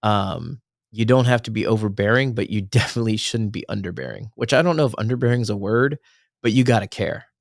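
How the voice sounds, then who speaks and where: A man's voice: fairly low pitch, quick pace, gravelly, dry recording, studio quality. A man co-hosting a faith podcast, talking earnestly in a rambling way and correcting himself as he goes. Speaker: podcast co-host. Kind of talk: casual faith podcast chat.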